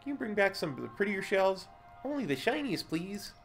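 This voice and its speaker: A man doing a high, bored little girl. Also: sing-song, a little fast, creaky, fairly bright tone, soft background music, full character voice. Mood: wheedling.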